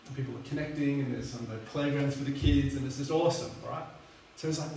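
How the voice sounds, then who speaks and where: Chatty preacher in a very echoey hall. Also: male voice, medium pitch, brisk, few pauses, a little mellow. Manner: chatty, rambling, many fillers. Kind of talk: sermon storytelling. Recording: echoey hall, distant mic, faint hum.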